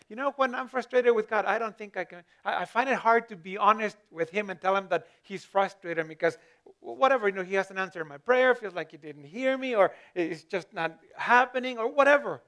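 A man's voice: high voice, fairly quick, a bit bright. A male pastor giving a conversational sermon, often repeating words as he searches for them and lifting his voice for emphasis.

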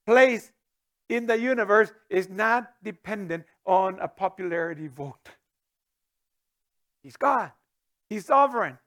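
High-voiced preaching man. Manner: animated preaching with rhetorical questions and sudden loud outbursts. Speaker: pastor. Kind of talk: sermon.

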